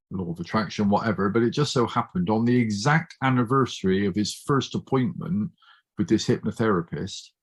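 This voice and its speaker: A man's voice: on the low side, husky. A middle-aged man with a Bristol accent, chatting openly as a guest and telling personal stories in an anecdotal way. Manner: chatty, anecdotal, open and warm-hearted. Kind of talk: casual storytelling chat.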